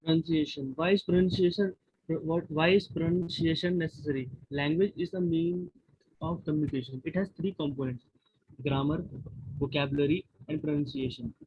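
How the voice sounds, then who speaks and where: A man's voice: fairly high pitch, moderate pace, vocal fry, darkish tone, breathy edge, no room sound. A man student reading notes aloud in class, careful and stopping to restart words. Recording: dull lo-fi recording.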